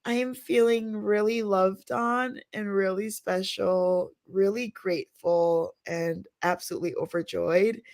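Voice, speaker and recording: A woman's voice: mid-range voice, a little slow, hardly any pauses, darkish tone. An emotional woman chatting casually, effusive and gushing with thanks. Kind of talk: casual chat.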